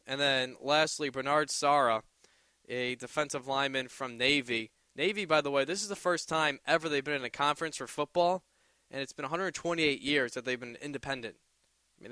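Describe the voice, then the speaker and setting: A man's voice: medium pitch, sharp tone, smooth, no echo, studio quality. A young man hosting a casual solo sports podcast, rambling with many restarts as he recounts his day. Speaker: podcast host.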